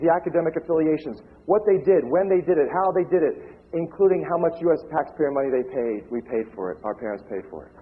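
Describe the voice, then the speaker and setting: A man giving a storytelling speech to an audience, animated and acting out the voices he quotes. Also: a little high. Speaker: lecturer. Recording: narrow phone-like lo-fi sound.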